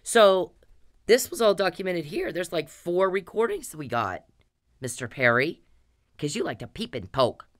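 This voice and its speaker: A woman's voice: lowish voice, expressive, normal speed. A woman ranting straight to her audience, confrontational and profane, scolding someone she addresses directly. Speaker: vlogger. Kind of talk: angry direct-to-camera rant.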